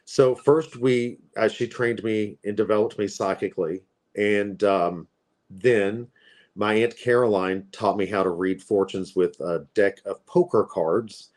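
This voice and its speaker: A man's voice: lowish voice, steady tone, a little slow, darkish tone. A man in his forties from Appalachia, a tarot reader telling stories in a chatty, rambling way. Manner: chatty, rambling, with frequent fillers. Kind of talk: casual storytelling.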